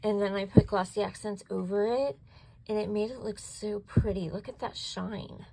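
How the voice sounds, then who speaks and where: This woman, hosting a craft show-and-tell, speaks at a moderate pace in a steady, medium-pitched, dark-toned voice with vocal fry. The audio is poor. She gushes over her finished projects while walking through them and keeps asking if they're cute.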